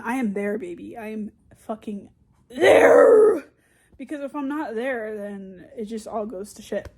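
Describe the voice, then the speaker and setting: A young woman sits down to vent for her vlog, swearing freely and talking bluntly about her work. Her voice sits a little high. She moves from loud outbursts to low, quiet muttering. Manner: swings between loud venting and quiet mutters. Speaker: vlogger. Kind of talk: casual ranting vlog.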